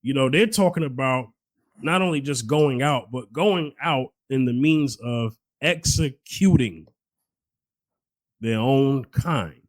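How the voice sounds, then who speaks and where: Male podcast co-host: casual, halting delivery, dry sound. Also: medium pitch, no echo, rough recording. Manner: conversational, many fillers and restarts. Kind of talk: casual chat.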